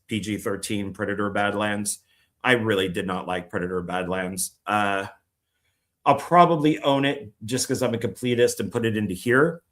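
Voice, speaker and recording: A man's voice: fairly low pitch, a bit bright. A man chatting casually on camera about discs he bought, rambling and swearing, now and then mocking critics in a put-on voice. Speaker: filmmaker showing his disc purchases. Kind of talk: casual vlog chat.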